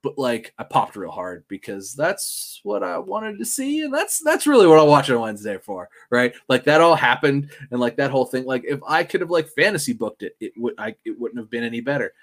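A man co-hosting a casual podcast chat. He rambles and restarts, piling on fillers as he gets excited. His voice sits at an ordinary middle pitch. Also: a little fast, hardly any pauses. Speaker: podcast co-host.

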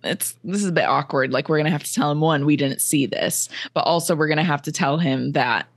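Woman podcast co-host, lower voice, casual retelling that slips into characters' lines, dry close sound. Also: fairly quick, no echo. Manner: chatty, laughs often, heavy use of "like". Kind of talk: casual chat recapping a book chapter.

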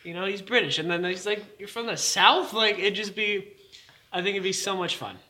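Bright-voiced young man, chatty. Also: high-pitched, steady tone, a little fast. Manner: rambling, lots of "like" and laughter. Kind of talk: casual chat.

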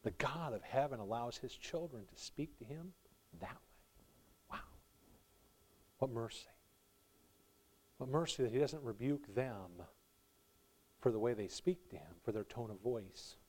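A male pastor preaching a sermon, swinging from quiet reflection to loud, pleading emphasis, with warm laughs between points. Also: mid-range voice, a little slow, long pauses.

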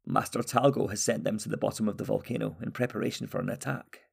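A man voicing an anxious old male prisoner in a storybook, speaking quietly. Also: fairly low pitch, steady tone, quick pace, gravelly, slightly rough, full character voice. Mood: hushed.

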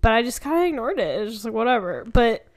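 Chatty podcast girl, kinda high voice, laughs a lot, gets squeaky when excited. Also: fast. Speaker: podcast co-host. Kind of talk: casual chat.

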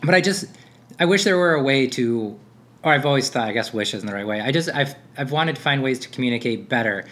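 A man's voice: medium pitch, animated, brisk, a bit bright. A man, a podcast host in his thirties, talking about fatherhood in a casual, rambling monologue full of fillers and restarts. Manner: rambling, self-interrupting, with frequent fillers.

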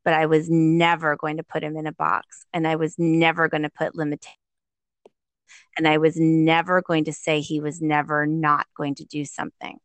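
Lively New mother telling a story. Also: low-pitched, normal speed, no echo. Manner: animated, acts out quoted voices, laughs often. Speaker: guest, parent. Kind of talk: conversational storytelling.

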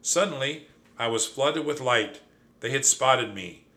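Lively man reading a storybook aloud. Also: medium pitch, unhurried. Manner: expressive, animated storytelling. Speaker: narrator.

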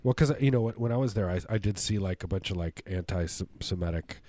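A man's voice: sits low, a little fast, warm tone, dry recording. A man co-hosting a podcast, chatting casually and jokingly, rambling and stumbling over his words. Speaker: podcast co-host. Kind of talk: casual comedic chat.

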